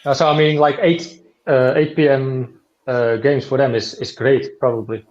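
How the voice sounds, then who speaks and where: A man's voice: medium pitch, moderate pace, a little mellow, dull audio. A man whose first language is Czech, chatting casually in hesitant English and laughing often. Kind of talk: casual fan chat.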